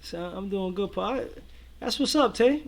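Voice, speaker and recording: A high-voiced man chats easily with his viewers, full of slang and strings of yeah, yeah. His talk is loose and relaxed, the style of a casual livestream co-host. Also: normal speed. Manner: laid-back, slangy, many repeated fillers. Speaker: co-host of a reaction show.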